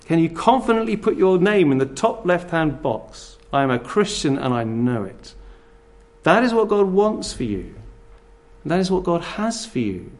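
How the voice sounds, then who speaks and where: Earnest, animated male preacher. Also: on the high side, vocal fry. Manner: earnest, animated storytelling with rhetorical questions. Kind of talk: sermon.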